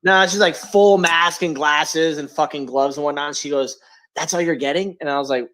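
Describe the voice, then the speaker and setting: Profane, animated man telling stories. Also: fairly high pitch, normal speed, poor audio. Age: 30s. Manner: profane, animated storytelling with acted-out quotes. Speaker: podcast co-host. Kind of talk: crude comedic storytelling.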